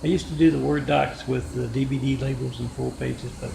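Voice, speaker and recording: A man's voice: mid-range voice, steady tone, fairly quick, vocal fry. A man telling a meandering story to his phone camera in a casual vlog, with wry asides and lots of fillers. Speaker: vlogger. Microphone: phone front camera. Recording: echoey room with background noise.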